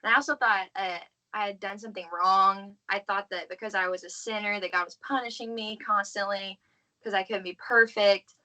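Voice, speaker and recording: Speaking at a moderate pace with fairly even intonation, a young woman from the southern US offers an earnest faith testimony on a podcast, leaning heavily on "like." Her mid-range voice is bright and forceful, though the recording quality is low.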